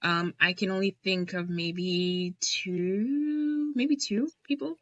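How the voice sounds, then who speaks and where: A woman's voice: mid-range voice, slow, no room sound, dull audio. A woman guest on a casual podcast interview, talking emphatically and with enthusiasm about blending whiskey. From United States.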